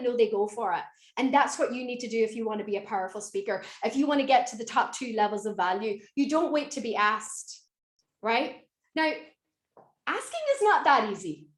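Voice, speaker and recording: A woman in her forties from Ireland, with an Irish accent, giving a motivational talk as a business mentor and rallying her audience to answer in the chat. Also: high voice. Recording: roomy echo.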